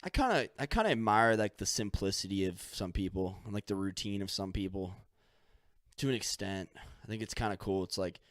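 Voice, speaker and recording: A man's voice: fairly low pitch, animated, brisk, no room sound, clean studio sound. A man hosting a solo podcast, rambling loosely, swearing casually and making up stories as he goes. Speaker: podcast host.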